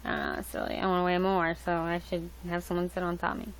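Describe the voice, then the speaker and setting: Rambling woman with gravelly voice. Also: fairly low pitch, very animated, fast, poor audio. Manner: rambling, loose, with many fillers and restarts. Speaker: livestream host. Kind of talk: casual rambling chat. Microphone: laptop mic.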